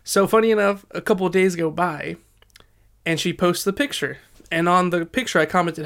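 A young man telling a story in a casual, animated way, acting out the quotes. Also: high voice, normal speed, vocal fry.

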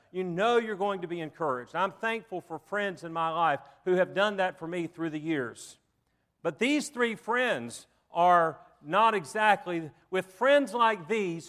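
A man preaches a sermon, his voice sitting noticeably high. He mixes folksy humor into dramatic storytelling, in the manner of a pastor addressing his congregation. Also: a bit bright. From Southern United States.

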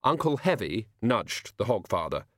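A man giving a wry, expressive audiobook narration. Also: on the low side, moderate pace, dry recording, studio quality. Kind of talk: scripted narration.

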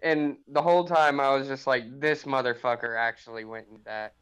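Smooth-voiced, laid-back man on a podcast. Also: medium pitch, steady tone, moderate pace, a bit bright, rough recording. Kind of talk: casual podcast chat.

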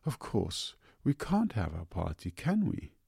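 Man doing an earnest young woman, pitched well up from his husky voice, pleading. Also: very animated, measured pace, darkish tone, dry recording, studio quality, full character voice.

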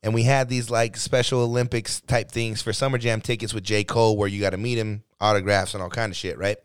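Smooth-voiced laid-back podcast guy. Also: fairly low pitch, little pitch movement, fairly quick, no room sound, studio quality. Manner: laid-back, slangy, eases into stories. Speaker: podcast co-host. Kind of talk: casual chat.

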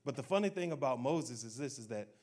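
A man preaching a sermon, speaking directly to his congregation and acting out people's doubts in a low, quiet voice. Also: expressive, quick pace. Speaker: pastor.

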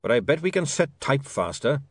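A man voicing a gruff, practical male dwarf printer who talks bluntly and stubbornly, raising his voice and pitch above his own. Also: very animated, moderate pace, no room sound, clean studio sound. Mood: firm.

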